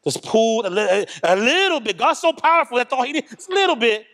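Brief: loud, candid man sharing testimony, high-pitched voice, long church-hall reverb. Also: fast. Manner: loud talker, candid and animated. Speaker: church member giving testimony. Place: church service.

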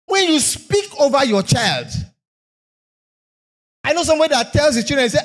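A man preaching in a strikingly high voice that swings widely in pitch. He hammers his points with rhetorical questions and repeated phrases. The delivery is emphatic sermon preaching. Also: big pitch swings, moderate pace.

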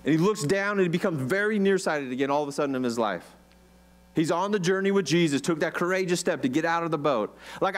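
A man's voice: a little high, expressive, fast talker. A man preaching a casual sermon, chatty and joking, with rhetorical questions and many "like"s. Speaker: pastor.

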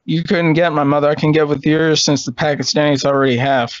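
A man making a prank call, taunting and insulting the person on the line with drawn-out mocking phrases. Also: on the high side, flat delivery. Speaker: prank caller. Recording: muffled lo-fi recording.

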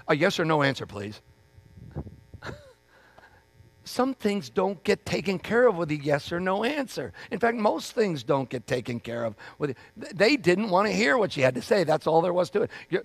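A man's voice: on the high side, dry recording. A man preaching a sermon as pastor, in a conversational way, acting out the voices of people he quotes.

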